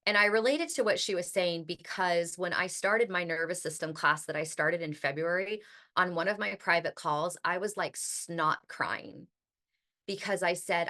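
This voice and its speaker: A woman's voice: lowish voice, moderate pace, sharp tone. A woman hosting a podcast in a chatty, casual monologue, filling her talk with "like" and the odd swear word. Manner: chatty, heavy use of "like", occasional swearing. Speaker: podcast host.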